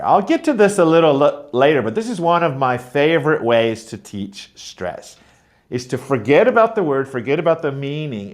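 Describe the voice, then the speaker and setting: A fairly high, sing-song male voice at normal speed belongs to a teacher trainer leading a pronunciation class. He clearly explains syllable stress, modelling it through sounds like mm-mm and overstressed example words.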